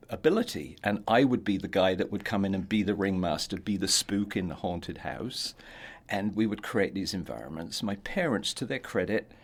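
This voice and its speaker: An English man in his sixties speaks in a notably deep, low register. He talks in a relaxed, measured and articulate way as he answers interview questions. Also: husky. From England. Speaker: actor guest. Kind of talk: casual interview chat.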